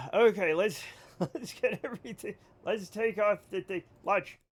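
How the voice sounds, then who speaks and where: Male streamer, high-pitched, excitable and joking, live gameplay commentary. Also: a little slow, slightly rough. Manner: excitable, joking, swears, laughs often.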